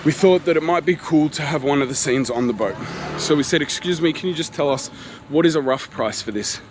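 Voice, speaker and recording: A man in his 30s, a travel vlogger, tells the camera about a frustrating encounter in an animated, exasperated way, quoting the exchanges. His voice is a little high and fairly quick, and faint street noise can be heard behind this casual storytelling.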